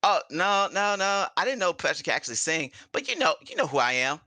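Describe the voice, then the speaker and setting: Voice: mid-range voice, big pitch swings, quick pace, sharp tone, no room sound, pitched above the performer's own voice. A game master voicing a brash young female elf singer who gushes in valley-girl slang. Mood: cocky.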